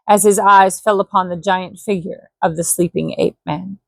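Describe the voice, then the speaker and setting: A woman reading a classic adventure novel aloud as a bedtime story, gentle, with casual asides to her listeners. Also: mid-range voice, normal speed, vocal fry, few pauses, no echo. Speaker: storybook reader.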